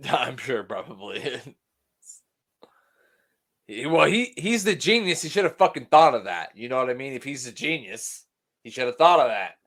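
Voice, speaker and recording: This man co-hosts a laid-back wrestling podcast, chatting as they watch, joking, swearing freely and laughing often. His mid-range voice swings widely in pitch, moves at a normal speed and sounds a bit bright.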